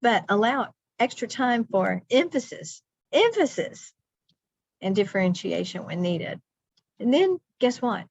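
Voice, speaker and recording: A woman's voice: medium pitch, expressive, measured pace, gravelly, dry recording. A middle-aged woman walks teachers through a planning workshop. She keeps it chatty and upbeat, dropping playful asides between points. The recording is dry and slightly muffled, like a computer mic. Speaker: teacher trainer.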